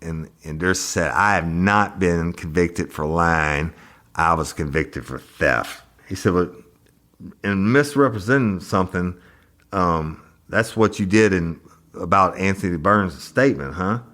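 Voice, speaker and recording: Male podcast host, low voice, recounts trial testimony and jumps up in pitch to act out each quoted speaker. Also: a little slow. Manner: retells courtroom exchanges, acting out quotes with lively pitch jumps. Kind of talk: true crime podcast retelling.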